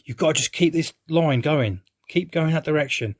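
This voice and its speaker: A man's voice: fairly high pitch, moderate pace. Rambling, frustrated man. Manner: rambling, hesitant, frustrated, swears casually. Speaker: film reviewer. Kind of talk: live-reaction film review monologue.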